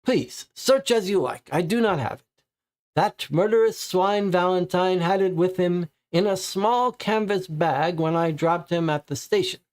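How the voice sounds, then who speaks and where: A man putting on a high, pleading male suspect. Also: unhurried, a little mellow. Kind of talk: read-aloud case file role-play.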